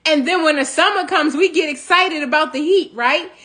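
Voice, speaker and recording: High-voiced, animated motivational woman. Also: moderate pace. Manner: animated, preachy, laughs between points. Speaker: host of a healing talk show. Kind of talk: motivational talk.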